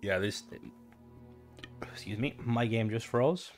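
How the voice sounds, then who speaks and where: A man's voice: mid-range voice, slow, faint music behind. A young Irish man chatting casually with viewers while streaming a game, rambling from one thought to the next. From Ireland.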